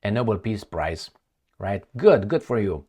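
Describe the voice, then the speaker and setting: A man's voice: on the low side, big pitch swings, unhurried, mellow, breathy edge. A middle-aged man giving off-the-cuff commentary while reading news articles aloud, sarcastic and rambling, with many fillers and restarts. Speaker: political commentator.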